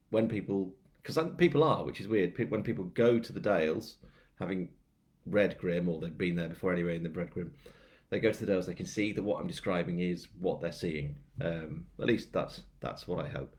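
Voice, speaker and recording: A man's voice: low-pitched, animated, a little fast, darkish tone. A British man, a crime novelist, chatting casually and rambling on a live book launch, with many fillers and a self-mocking tone. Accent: British English. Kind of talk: casual live-stream chat.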